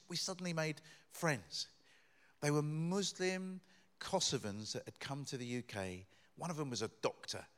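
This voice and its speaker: Middle-aged guest preacher, mid-pitched, lively storytelling delivery. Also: male voice. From Britain. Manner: animated storytelling, rising loud in acted bits. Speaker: guest speaker. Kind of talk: sermon.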